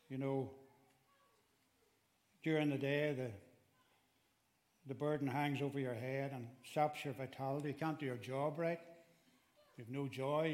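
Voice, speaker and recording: A man's voice: medium pitch, darkish tone. Earnest male preacher delivering a sermon. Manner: earnest, emphatic, rising in intensity on quoted pleas; direct address to listeners with restarts.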